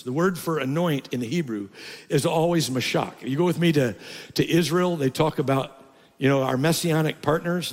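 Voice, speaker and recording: Gravelly older pastor preaching in a hall. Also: male voice. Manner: preaching with sudden loud high-pitched emphasis. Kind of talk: sermon. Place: church sanctuary. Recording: reverberant church hall.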